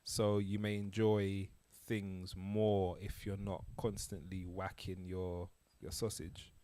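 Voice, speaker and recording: A man's voice: low-pitched, little pitch movement, takes it slowly, warm tone, dry recording. A young man, hosting a podcast in casual, joking chat full of slang. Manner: laughing banter, London slang. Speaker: podcast host.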